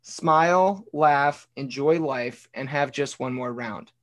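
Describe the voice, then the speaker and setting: A former pastor turned bartender tells a personal story in earnest on a casual podcast, reading aloud from his own journal. His medium-pitched voice is a bit bright and his pace slow, and he swears now and then and drops words like "dude" and "like."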